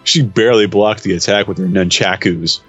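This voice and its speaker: A man's voice: on the low side, fairly quick, a bit bright, husky, muffled recording, faint music behind. A man reading a story aloud for laughs, swearing and laughing at his own stumbles. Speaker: reader. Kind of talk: comedic dramatic reading.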